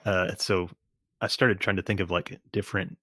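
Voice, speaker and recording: A low-voiced man hosting a podcast in casual chat. He is easygoing and hesitant, with plenty of ums. The sound is dry and close. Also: steady tone, normal speed, pushed and bright, no echo. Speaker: podcast host.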